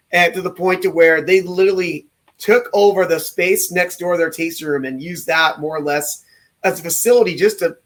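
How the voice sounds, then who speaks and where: A man's voice: fairly high pitch, fairly bright tone. Chatty, jokey man from California. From California, USA. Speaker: podcast co-host. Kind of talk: casual chat.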